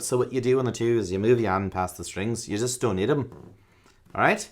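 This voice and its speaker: A man's voice: mid-range voice, fairly quick. A man teaching a guitar rhythm lesson in a casual, joking way, counting beats aloud while he strums.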